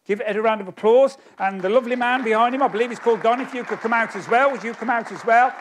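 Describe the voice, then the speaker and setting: A man performing live stage magic, chatting with volunteers in a self-mocking, joking way. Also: very high-pitched. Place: stage of a magic society hall.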